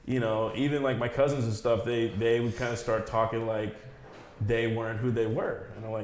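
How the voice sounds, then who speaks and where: A man in his thirties on a casual podcast, talking loosely with plenty of swearing and quick mock voices. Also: medium pitch, steady tone, a little mellow. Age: 30s. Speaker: podcast co-host. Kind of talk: casual chat. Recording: echoey room with faint noise.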